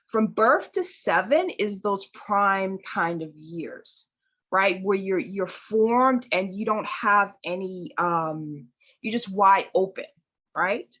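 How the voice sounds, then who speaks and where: Woman healer for a group-call talk, conversational and gentle in tone, keeps checking in with "right?", muffled lo-fi call sound. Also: medium pitch. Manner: conversational, often tags "right?". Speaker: intuitive healer leading a discussion. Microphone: video call. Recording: dull lo-fi call audio.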